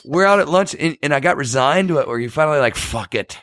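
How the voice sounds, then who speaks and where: A man's voice: fairly high pitch, expressive, fast talker, fairly bright tone, no room sound, clean studio sound. A man telling an embarrassing story as a podcast guest, rambling, swearing and correcting himself as he goes. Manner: rambling, self-correcting, profane, laughing at himself. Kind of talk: casual storytelling.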